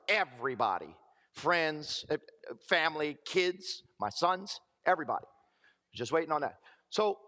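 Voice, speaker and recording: A man's voice: a little high, fairly bright tone. A man preaching a personal testimony, telling his story and acting out the voices of people in it. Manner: storytelling, acts out quoted voices. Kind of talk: testimony sermon. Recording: reverberant hall.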